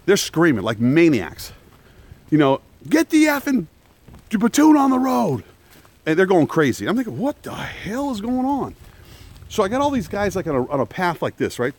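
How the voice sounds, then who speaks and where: A man vlogging from the woods, telling a story with emphatic, animated delivery and shouted quotes, filming himself on a phone at arm's length. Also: a little high. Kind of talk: casual storytelling vlog. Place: woods outdoors. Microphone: phone held at arm's length for a selfie.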